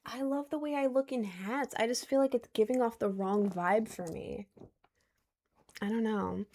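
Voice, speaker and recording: Young woman, twenty, streamer, casual chat, rambling and giggly, gravelly fry in her voice. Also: on the high side, moderate pace, darkish tone. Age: 20s. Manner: rambling, giggly, lots of "like" and restarts. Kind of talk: casual stream chat, reading viewer questions.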